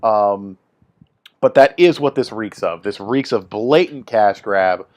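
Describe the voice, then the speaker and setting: Young man, slightly low voice, blunt casual rant, swears a lot. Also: slow pace, a little mellow. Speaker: video host.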